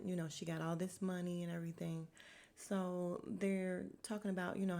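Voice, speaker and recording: A woman's voice: fairly low pitch, gravelly, dark tone. A woman hosting a podcast, recapping a TV episode in a chatty, frank way, laughing and swearing as she goes. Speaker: podcast host.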